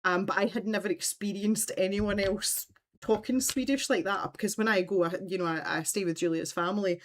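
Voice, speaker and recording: A woman's voice: medium pitch, fairly even intonation, a little fast. A woman hosting a casual craft livestream, telling long, rambling stories and reading out viewer comments. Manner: rambling, chatty storytelling, reads out viewer comments.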